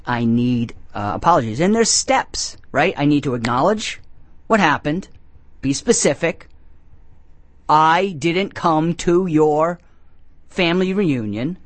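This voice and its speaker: A man's voice: fairly high pitch, dry recording. A man hosting a comedy podcast, rambling with sarcastic, jokey asides. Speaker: podcast host. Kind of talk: comedic casual talk.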